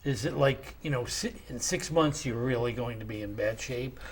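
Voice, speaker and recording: A man's voice: medium pitch, moderate pace, a little hiss or hum. A man in his sixties hosting a casual interview, chatty and sympathetic as he asks his guests questions. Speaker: talk show host.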